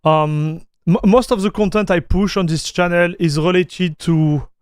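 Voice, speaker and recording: While installing software on a tech livestream, a French-accented man chats casually, full of fillers and repeated words. He has a high, smooth voice with fairly even intonation and an unhurried pace, recorded studio-quality with no echo.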